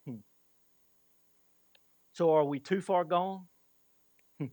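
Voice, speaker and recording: A pastor with a high voice preaches slowly and with emphasis, often chuckling as he works through his stories. The sound is dry and close, with no room around it. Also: mellow, no echo. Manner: slow, emphatic storytelling with chuckles. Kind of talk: sermon.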